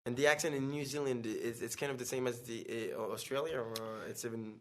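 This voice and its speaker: A man's voice: mid-range voice, steady tone, a little fast, fairly bright tone, slight background noise. A man co-hosting a casual podcast, curious and full of questions. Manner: curious, asks many questions, laughs often. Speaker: podcast co-host.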